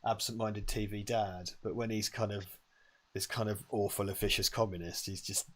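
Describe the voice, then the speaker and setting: A man's voice: on the low side, steady tone, moderate pace. Sweary man, rambling casual chat. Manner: rambling and sweary, emphatic retellings. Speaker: co-host. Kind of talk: casual watch-party chat. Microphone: lavalier.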